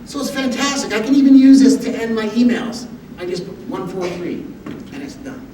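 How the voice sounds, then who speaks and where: A man giving a motivational talk, telling humorous personal stories with an animated, self-deprecating delivery. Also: sits high, normal speed. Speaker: motivational speaker. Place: university lecture hall. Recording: echoey hall audio from far off with background noise.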